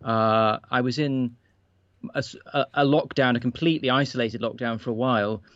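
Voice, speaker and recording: A man speaking as a podcast guest, measured and polite, with frequent ums and uhs. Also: medium pitch, fairly even intonation, a bit bright, no room sound. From United Kingdom. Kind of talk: casual podcast chat. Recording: dull, dry lo-fi sound.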